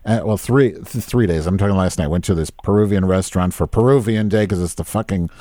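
A man's voice: low voice, quick pace, mellow, dry recording, clean studio sound. A man in his fifties hosting a podcast, ranting casually with lots of profanity and exasperation. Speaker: podcast host. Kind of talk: casual live-stream rant.

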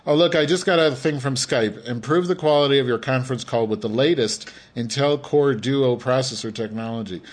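A man's voice: mid-range voice, fairly quick, hardly any pauses. A man hosting a comedic call-in show, bossy and teasing as he pushes his guests to perform. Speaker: host.

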